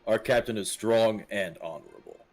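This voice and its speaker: Guy doing a big boastful pirate brute, low and loud, blunt. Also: moderate pace, faint music behind, close to an everyday voice. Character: proud, blunt male pirate brawler.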